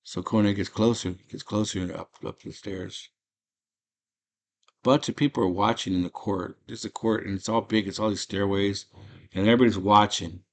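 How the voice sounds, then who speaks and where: Casual male host, low-ish voice, animated plot retelling. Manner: animated storytelling, acting out character lines in quick impressions. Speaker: movie podcast host.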